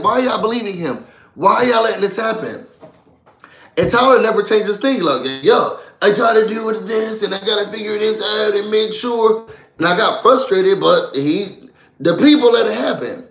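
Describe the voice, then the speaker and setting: A man's voice: high-pitched, a bit bright, reverberant. A man hosting a live reality-show recap, ranting heatedly with lots of profanity. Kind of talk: live stream rant.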